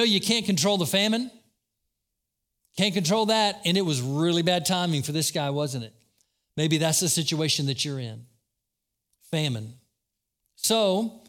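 A man preaching a sermon as pastor, animated, acting out quotes and calling out questions to the congregation. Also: high-pitched.

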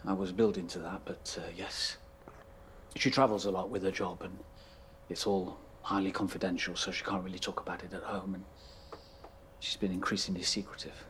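An actor playing an awkward, polite office worker who talks hesitantly and stammers. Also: male voice, low-pitched, level tone, moderate pace, a bit bright, slight background noise.

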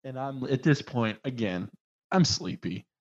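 A man telling a story in casual chat, acting out the people in it with lively swings of voice. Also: medium pitch, unhurried, slightly rough, lo-fi sound. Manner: animated, acts out the people in his story.

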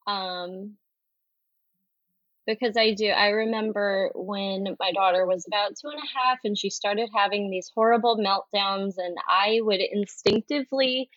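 A woman's voice: mid-range voice, measured pace, a bit bright, dry recording. A woman guest telling her story earnestly in candid conversation, acting out the voices she remembers. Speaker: podcast guest. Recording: dull lo-fi sound.

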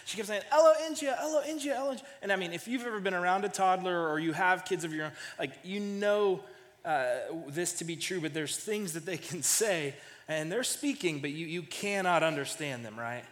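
A man's voice: sits high, moderate pace, a bit bright, long reverb tail. A man in his thirties preaching a sermon in a casual storytelling way, often repeating the first words of a phrase. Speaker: pastor.

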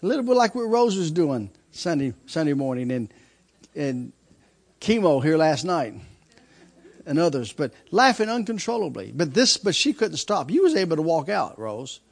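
Guy preaching, telling a story, high voice jumping all over, acts out the screams. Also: sing-song, normal speed, creaky. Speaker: traveling preacher. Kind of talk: sermon storytelling.

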